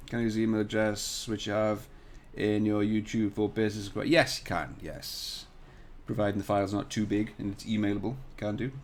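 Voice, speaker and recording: A man's voice: lowish voice, fairly even intonation, normal speed, a little hiss or hum. A man hosting a live design tutorial stream from a hotel room, chatting casually and jokily with viewers and swearing now and then, into a desk microphone with no pop filter. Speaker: CAD tutorial livestream host. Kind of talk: casual livestream chat. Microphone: desk mic without shock mount or pop filter.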